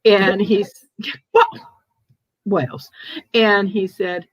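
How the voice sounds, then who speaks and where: An older woman hosting a casual chat, telling stories in a chatty, animated way with frequent restarts. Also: medium pitch, drawn-out words, long pauses, dry recording, highs cut off. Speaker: host, ghost medium.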